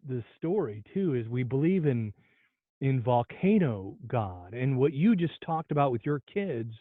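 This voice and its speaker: A man hosting a podcast, chatting casually and prompting his guest with questions. His mid-pitched voice comes through a narrow, phone-like line. The sound is dry with no room echo. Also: big pitch swings, a little slow. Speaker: podcast host. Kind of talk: casual interview chat. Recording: tinny phone-like remote line.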